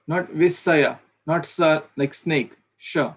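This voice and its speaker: A man's voice: on the high side, steady tone, slow pace, few pauses, a little hiss or hum. A man teaching pronunciation in an online class, patiently repeating sounds to demonstrate them. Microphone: video call.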